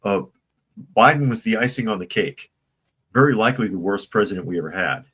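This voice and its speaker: A man's voice: on the low side, brisk, fairly bright tone, breathy edge. A man hosting a casual live-stream commentary show, opinionated and rambling, reading viewer chat comments aloud. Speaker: political commentary channel host.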